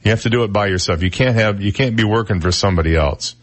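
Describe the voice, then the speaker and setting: A man in his sixties with a deep baritone voice, hosting a morning radio talk show and telling stories at a relaxed pace with plenty of fillers. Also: quick pace. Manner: relaxed storytelling with frequent fillers. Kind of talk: casual morning radio chat. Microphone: studio broadcast mic.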